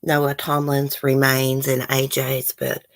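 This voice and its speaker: A low-voiced woman hosts a true crime livestream, near tears and sighing as she talks to her viewers. Her voice is recorded close, with a dry sound and no room echo. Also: monotone, slow, gravelly. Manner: emotional, tearful, sighing, talks to chat. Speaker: true crime channel host. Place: home, near the case area.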